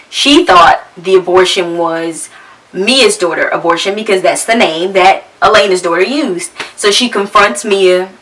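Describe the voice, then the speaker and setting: A woman's voice: mid-range voice, fairly bright tone, recorded from a distance, rough recording. A woman podcast host casually recapping a TV series, talking slangy and frank and swearing freely.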